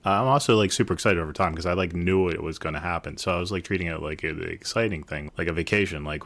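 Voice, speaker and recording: A man's voice: sits low, fast, few pauses, fairly bright tone, no echo. A middle-aged man co-hosting a podcast with his wife, talking candidly and easygoing with lots of "like". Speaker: podcast co-host. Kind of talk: casual conversation with his wife.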